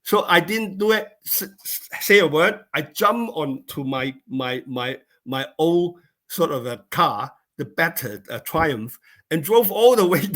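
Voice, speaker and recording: A man's voice: on the high side, fairly bright tone. A middle-aged man, originally from China, telling a personal story as an interview guest, with many fillers and repeated words. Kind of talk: storytelling in conversation.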